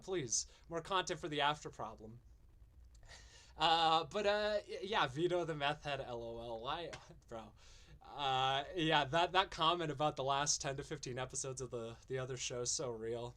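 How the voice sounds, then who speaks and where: A man's voice: a little high, moderate pace, sharp tone. A man hosting a stream, ranting in a profane, mocking and exasperated way. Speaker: streamer and show host.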